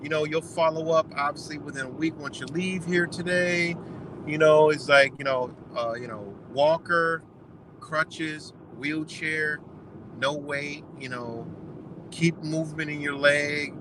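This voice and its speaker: A young man with a fairly high voice talks casually, retelling conversations in rapid back-and-forth and swearing as he goes. He is recorded on a phone outdoors, with steady street and car noise behind him. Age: young adult. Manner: retells doctors' talk in quick quoted exchanges, swears freely. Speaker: vlogger. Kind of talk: casual storytelling.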